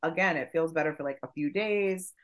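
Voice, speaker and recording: A woman co-hosting a podcast, telling a story in casual chat, profane and animated. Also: low voice, fairly quick. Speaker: podcast co-host.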